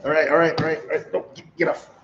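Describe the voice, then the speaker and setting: A man's voice: on the high side, little pitch movement, quick pace, lo-fi sound, slight background noise. A man hosting a livestream, casually telling a long, laughing story to his chat with lots of restarts. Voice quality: rambling, laughing, with frequent restarts. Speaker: livestream host.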